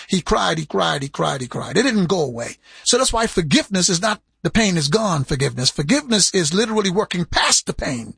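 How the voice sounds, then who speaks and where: A man preaching a sermon, with big swings in pitch and emphasis as he makes his points. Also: fairly bright tone, slightly rough, no room sound.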